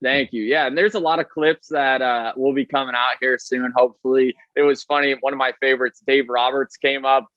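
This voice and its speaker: A man, a baseball player, telling stories in casual podcast talk, fast and chatty with many fillers and "right?" tags. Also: medium pitch, fairly even intonation, a bit bright, no room sound, muffled recording.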